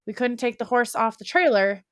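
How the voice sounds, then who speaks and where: A young adult woman in casual podcast chat, telling a rambling, animated story full of "like.". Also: a little high, fairly quick, clean tone, no echo, studio quality. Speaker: podcast guest or co-host.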